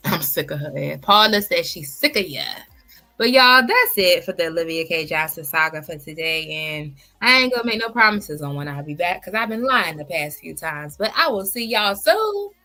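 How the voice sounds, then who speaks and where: A woman's voice: lowish voice, animated, moderate pace, pushed and bright, soft background music. A woman hosting a reaction channel, trading blunt, sassy trash talk with plenty of laughs. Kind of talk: casual reaction commentary.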